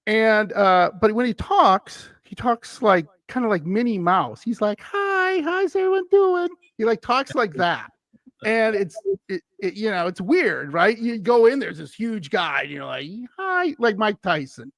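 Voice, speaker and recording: A man's voice: sits high, animated, measured pace, gravelly, a bit bright, no room sound, studio quality. A man from Wisconsin, a guest on a paranormal podcast, telling a story in a casual, rambling way with many "uh"s and chuckles. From Wisconsin, USA.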